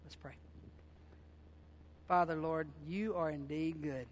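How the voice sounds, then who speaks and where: Man, pastor, sermon, high pitch, impassioned, colloquial, repeats himself. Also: fairly even intonation, slow, slight background noise. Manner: impassioned, conversational preaching with repeated phrases; colloquial, informal grammar.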